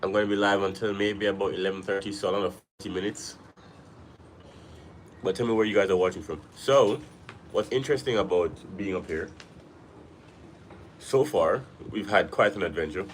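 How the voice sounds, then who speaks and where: Low-voiced, slightly sick man streaming live. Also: normal speed, long pauses, slight background noise, poor audio. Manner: loose, rambling, repeats himself. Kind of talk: casual live-stream chat.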